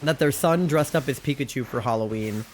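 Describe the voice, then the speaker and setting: Here a Twitch streamer, a young adult who's ill and sounds different than usual, talks casually to their live-stream audience. The medium-pitched voice runs fairly quick, with a little hiss or hum in the audio, and the rambling talk is full of giggles and fillers.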